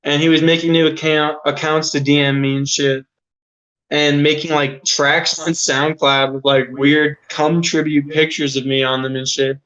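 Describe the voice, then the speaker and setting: A man in his thirties spins a long, rambling story in an off-the-cuff way, swearing freely and leaning on "like". His voice sits a bit high for a man. The recording sounds dull and lo-fi. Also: little pitch movement, normal speed, a bit bright. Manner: rambling, swears a lot, many "like" fillers. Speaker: interview guest. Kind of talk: casual storytelling.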